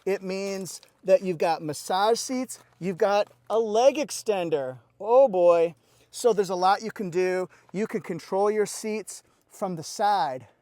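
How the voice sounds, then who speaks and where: Man, car reviewer, high voice, dry close sound, upbeat and exclaiming. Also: slow pace, darkish tone, no room sound. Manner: upbeat, exclaiming, pointing out features. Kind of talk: enthusiastic walkaround review. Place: car dealership lot.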